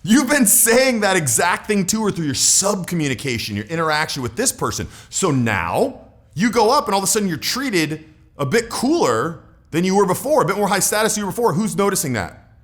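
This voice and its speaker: Animated man coaching with lively pitch. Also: brisk. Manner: animated, emphatic, direct to viewer. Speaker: social skills coach. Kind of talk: casual YouTube coaching talk.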